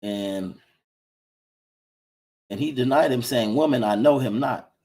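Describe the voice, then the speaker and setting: A man reading King James style scripture aloud at a steady pace during a Bible lesson. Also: mid-range voice, measured pace, poor audio. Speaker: scripture reader.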